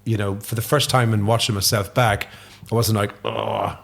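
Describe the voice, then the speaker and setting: An Irish man chatting as a podcast guest, animated and swearing freely, dropping into quick impressions. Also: fairly low pitch. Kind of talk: casual chat.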